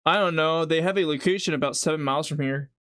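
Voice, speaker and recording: A fast, mid-range voice with a bit of brightness. The speaker streams live from a home kitchen, cooking while rambling and chatting, teary from an onion and joking about themself.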